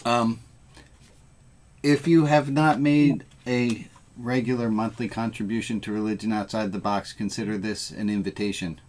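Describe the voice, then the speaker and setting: A man's voice: on the low side, steady tone, moderate pace, a little mellow. A man leading a live service as rabbi, giving informal announcements in a casual, self-deprecating way with bad dad jokes.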